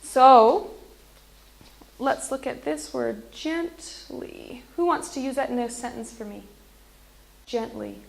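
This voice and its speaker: Teacher, woman, slow and clear, higher voice, echoey classroom with faint noise. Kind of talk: classroom English lesson.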